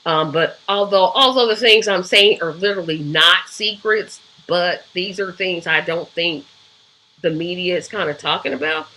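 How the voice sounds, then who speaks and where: A woman's voice: lowish voice, animated, moderate pace, pushed and bright, low-quality recording. A woman hosting a live show, giving casual, opinionated political commentary with frequent ums and rhetorical asides.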